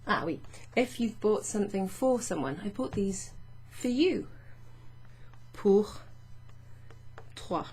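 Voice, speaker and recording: Husky lady teacher going over french pronouns real slow, chatty and patient. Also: medium pitch, animated, darkish tone. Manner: patient, chatty, reads French phrases slowly with small laughs. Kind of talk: casual explanatory lesson.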